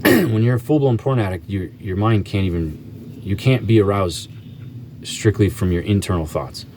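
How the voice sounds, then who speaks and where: A man vlogging an earnest faith testimony, halting often and restarting his sentences. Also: fairly low pitch, darkish tone, slight background noise.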